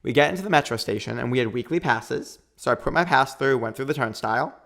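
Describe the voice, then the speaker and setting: Animated man telling a story. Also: mid-range voice, vocal fry. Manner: animated, quick storytelling with acted-out quotes. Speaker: podcast guest. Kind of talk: storytelling in a casual interview.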